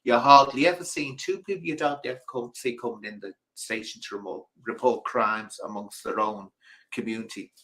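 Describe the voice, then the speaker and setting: A middle-aged man hosts a casual livestream chat with a bright, forceful voice. He tells stories in an animated way and acts out the people he quotes. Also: mid-range voice, a little fast, low-quality recording. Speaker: host.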